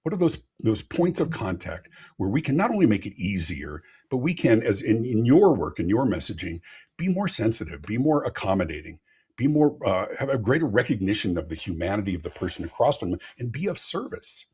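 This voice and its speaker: A man's voice: on the low side, brisk, breathy edge. A man speaking as a customer experience expert on a live podcast, telling stories with lots of energy and often repeating words as he starts a thought, heard over a remote call. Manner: animated, repeats words when starting sentences. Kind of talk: live podcast interview storytelling.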